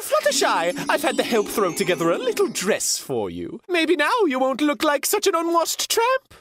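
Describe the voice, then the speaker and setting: Guy doing a vain posh cartoon pony girl, high lilting voice, super condescending, music behind. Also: fairly bright tone, exaggerated voice. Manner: affected posh drawl, sing-song, condescending. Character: vain, cruel, pompous female cartoon pony. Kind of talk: animated parody cartoon.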